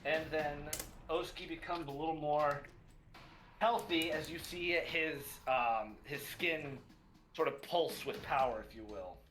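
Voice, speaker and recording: Bright guy a bit high-pitched, halting and filler-heavy, narrating his tabletop turn. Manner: hesitant, filler-heavy describing of his character's actions. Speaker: tabletop game player. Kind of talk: live-streamed tabletop game play.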